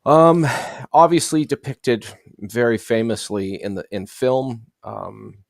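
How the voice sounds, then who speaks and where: A man being interviewed as a guest, telling stories in an earnest, reflective way with frequent pauses and hesitations. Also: mid-range voice, expressive, creaky, dry recording, studio quality. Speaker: guest, fantasy series creator. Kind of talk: casual interview conversation.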